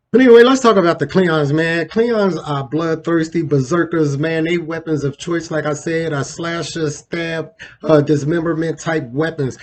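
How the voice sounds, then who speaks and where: A man hosting a casual countdown show, talking loosely and conversationally with lots of slang and asides. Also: fairly high pitch. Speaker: host. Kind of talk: casual ranking commentary.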